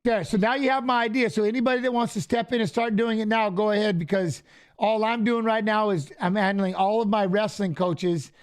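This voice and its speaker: High-voiced animated middle-aged man. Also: brisk, clean tone. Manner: animated, acts out quoted dialogue, repeats "I go". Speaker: watch-along co-host. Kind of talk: casual storytelling on a live stream.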